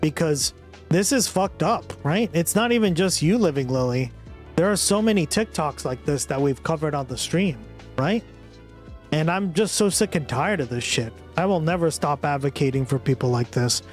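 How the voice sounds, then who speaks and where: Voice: medium pitch, expressive, moderate pace, soft background music. A live streamer chatting casually with viewers, teasing, swearing and reacting to videos.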